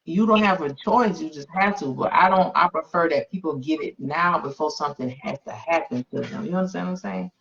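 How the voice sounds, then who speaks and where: A woman hosting a faith-based interview podcast, emphatic and quick to exclaim and affirm. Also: low voice, creaky, crowd noise. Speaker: podcast host. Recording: dull lo-fi sound.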